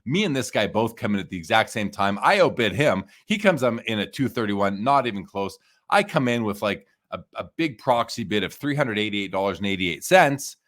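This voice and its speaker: A man's voice: lowish voice, sing-song, fairly quick, a bit bright. A man hosting a podcast, chatting casually and enthusiastically about card listings. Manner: chatty, enthusiastic, with frequent restarts. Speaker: podcast host. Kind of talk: casual chat reviewing listings.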